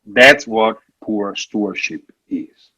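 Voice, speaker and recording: A man from Italy, giving a frank, animated workshop talk on finances with some jokes. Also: lowish voice, takes it slowly, dull audio. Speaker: workshop speaker on parish finances. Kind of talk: conference presentation.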